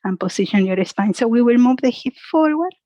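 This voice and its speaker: A woman guiding a yoga class with soft, slow cues and a frequent questioning "yeah?", speaking English as a second language. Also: a little high, expressive, dry recording, highs cut off. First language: Spanish. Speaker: yoga instructor.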